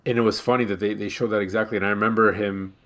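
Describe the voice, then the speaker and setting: Low-voiced rambling Canadian man. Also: little pitch movement, rapid-fire, a bit bright. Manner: rambling, full of fillers. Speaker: co-host. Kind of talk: casual chat.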